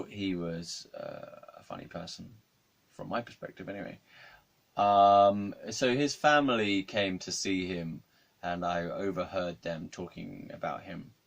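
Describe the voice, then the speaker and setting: A man's voice: sits low, creaky. A man telling a story in a casual, rambling monologue, full of fillers and restarts.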